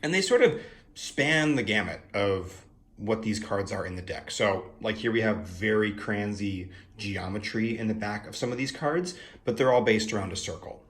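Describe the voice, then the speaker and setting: A man's voice: lowish voice, lively intonation, normal speed, fairly bright tone. A young man casually reviewing the art of a card deck, musing and thinking aloud, with playful asides and many fillers.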